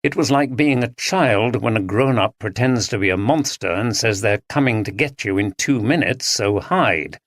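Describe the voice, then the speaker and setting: Lively, expressive male audiobook narrator. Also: on the low side, normal speed, few pauses, dry recording, clean studio sound. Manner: expressive storytelling. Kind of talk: scripted narration.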